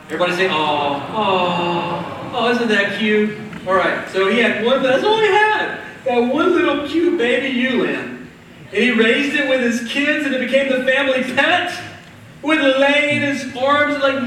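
Animated preacher in an echoing hall. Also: male voice, extremely high pitch, a little hiss or hum. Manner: conversational, animated storytelling. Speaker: pastor. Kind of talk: sermon. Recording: echoey hall from far off.

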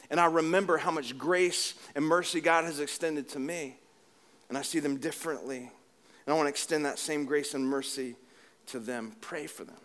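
A middle-aged man preaching a sermon as pastor, animated and conversational, with humor and repetition. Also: a little high.

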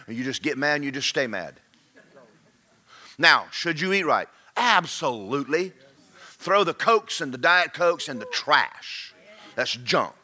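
A male pastor preaching a sermon, folksy and fervent, swinging from quiet asides to shouting. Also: on the high side.

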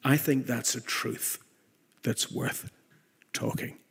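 A man preaching a sermon in an earnest way, rising to emphatic peaks and then dropping soft. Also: medium pitch, steady tone, takes it slowly, vocal fry, husky.

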